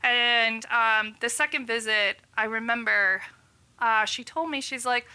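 Woman in her thirties, very bright voice, lively casual chat. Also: fairly high pitch, a little slow, clear, resonant tone. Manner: animated storytelling, acting out quotes. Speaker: physician guest.

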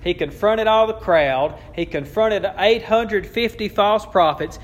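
A man's voice: high voice, unhurried. A man preaching a sermon, with an emphatic, repetitive cadence and a touch of wry amusement. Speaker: pastor.

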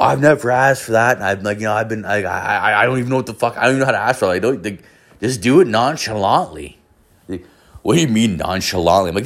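Rambling, profane young man telling a story. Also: lowish voice. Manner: rambling and profane, heavy filler words; acts out other people's lines in a raised voice. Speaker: podcast host. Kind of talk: casual storytelling monologue.

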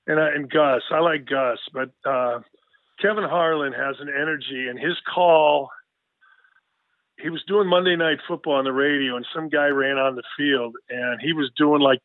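A man's voice: mid-range voice, no room sound. A man, a sports broadcaster, chatting casually and telling rambling jokey stories with lots of restarts. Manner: joking, rambling storyteller with frequent restarts. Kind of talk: casual interview chat. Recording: tinny phone line, dry.

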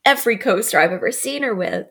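A woman hosting a casual film podcast, talking in an animated way with sarcastic asides and frequent laughter. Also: a little high, fast, slightly rough. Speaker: podcast host. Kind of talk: casual film review chat.

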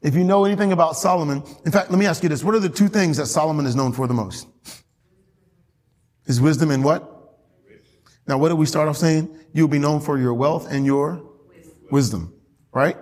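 A pastor delivers his sermon with a husky, slightly high voice. He preaches animatedly, laughing between points and climbing in pitch to drive them home. The sound rings out in a church hall with a long tail of reverb. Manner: animated preaching with frequent laughs and rising emphasis. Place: church sanctuary.

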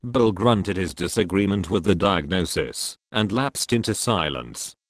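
A man's voice: sits low, animated, unhurried, no echo, clean studio sound. A man narrating a frontier story aloud, giving the trail partners drawling rustic voices in their dialogue. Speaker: audiobook narrator.

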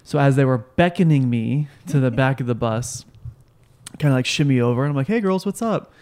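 Brief: young male co-host, lively storyteller, does voices in his anecdotes. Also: medium pitch, fairly quick. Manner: animated storyteller, acts out voices. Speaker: podcast co-host. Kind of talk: casual chat.

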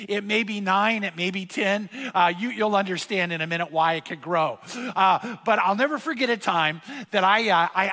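High bright-voiced pastor in echoing hall. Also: male voice. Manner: storytelling with acted dialogue, conversational and lively. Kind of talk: sermon. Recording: reverberant church hall.

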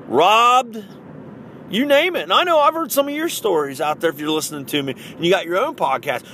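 A middle-aged man hosting a podcast, giving a blunt, forceful motivational talk with swings in pitch and loudness. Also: a little hiss or hum. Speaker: podcast host.

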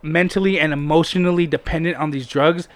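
A man's voice: fairly high pitch, fairly even intonation, brisk. A man casually telling a personal story as a guest, blunt and full of swearing and "like" fillers. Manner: candid, heavy swearing, frequent "like" fillers.

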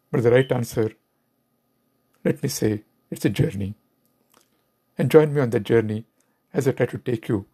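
A man's voice: mid-range voice, mellow, breathy edge. A man with an Indian English accent giving a reflective spiritual talk, asking rhetorical questions as he goes. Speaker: spiritual teacher.

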